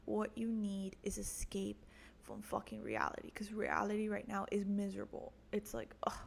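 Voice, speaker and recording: A woman's voice: mid-range voice, vocal fry. A young woman hosting her own podcast in a casual solo monologue, crude and self-mocking, swearing often and laughing at her own jokes. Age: young adult. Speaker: podcast host.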